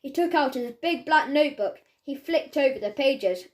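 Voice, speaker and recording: High-voiced woman reading a children's story. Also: expressive, normal speed. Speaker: audiobook narrator.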